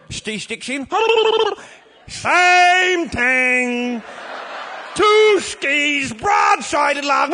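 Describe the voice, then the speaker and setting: A man with a Newfoundland accent telling a comic tall tale to a live audience, shouting and laughing as he goes. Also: very high voice, expressive, extremely slow, noisy background. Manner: rollicking, shouting and laughing through a yarn. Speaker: storyteller.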